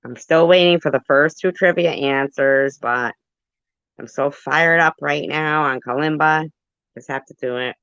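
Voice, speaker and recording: A woman's voice: sits low, a little slow, fairly bright tone, clean tone, dry recording, highs cut off. A woman hosting a casual livestream trivia chat, playful and giggly. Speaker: livestream host.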